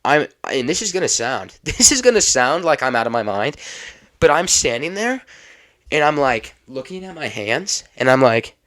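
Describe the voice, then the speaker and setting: A young adult man hosting a podcast, telling a personal story in a lively, casual way and laughing now and then. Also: medium pitch, normal speed, no room sound, studio quality. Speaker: podcast host.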